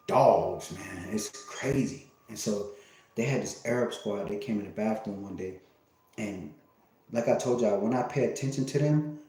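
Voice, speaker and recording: A low-voiced man rambles through a casual livestream monologue, swearing freely and trailing off into fillers and false starts. His tone is dark and mellow. The sound rings with heavy reverb from a very echoey room. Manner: rambling, profane, full of fillers and restarts. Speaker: livestream host.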